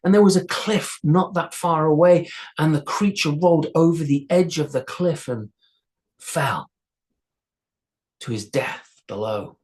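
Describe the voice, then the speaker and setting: A man's voice: a little high, unhurried, darkish tone. Man telling a folktale aloud. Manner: unscripted, with restarts and repeated words. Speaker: storyteller. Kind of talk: oral folktale storytelling.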